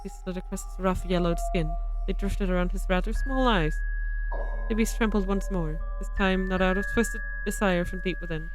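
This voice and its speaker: A woman's voice: mid-range voice, normal speed, over music, low-quality recording. A woman streamer chatting casually and reading game narration aloud, playful and giggly between lines.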